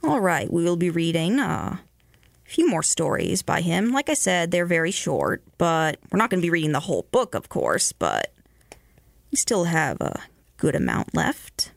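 Low-voiced woman reading ghost stories. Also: very animated, creaky, no room sound, clean studio sound. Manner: measured, slows and hushes for eerie moments. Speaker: radio host reading stories. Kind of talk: storytelling reading aloud.

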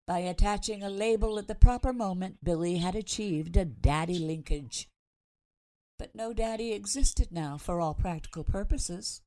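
A woman, a radio host, reading a story aloud in a measured, expressive narration. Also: deep voice.

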